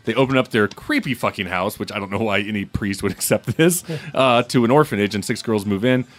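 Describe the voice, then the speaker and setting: A man with a lowish voice, talking a little fast, hosts a casual podcast reviewing films. His storytelling is loose, animated, and profane.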